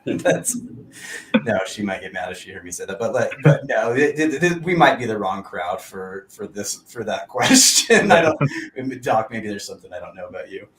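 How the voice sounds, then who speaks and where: A man chatting on a podcast in a halting, self-deprecating way. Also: on the low side, lively intonation, a bit bright. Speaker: podcast panelist. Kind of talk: casual podcast chat. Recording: echoey room with faint background noise.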